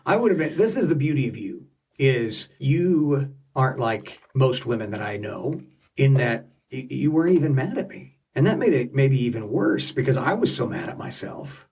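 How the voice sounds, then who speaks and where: A man co-hosting a podcast, telling a family story in earnest, halting casual chat. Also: medium pitch, animated, darkish tone, slightly rough, far from the mic. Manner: earnest, halting, restarts mid-sentence. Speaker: podcast co-host.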